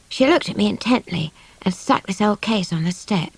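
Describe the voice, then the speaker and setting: A woman's voice: medium pitch, animated, normal speed, vocal fry, breathy edge, no echo. A woman narrating an audiobook in the first person, with a wry, slangy, offhand way of telling the story.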